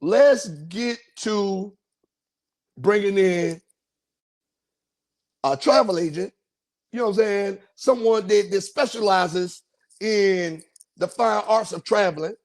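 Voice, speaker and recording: A man's voice: sits high, slow pace, long pauses. A man hosting a podcast, telling a story in a casual, slangy way and acting out quotes. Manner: animated, slangy, acts out quotes in a raised voice. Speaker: podcast host.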